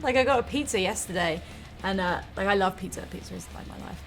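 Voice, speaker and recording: A young British woman in a rock band shares a light story in a casual tone. She hesitates and fills pauses with likes and ums. Soft music plays faintly behind her. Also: mid-range voice. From United Kingdom. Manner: chatty, hesitant, lots of fillers. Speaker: band member. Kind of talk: casual anecdote.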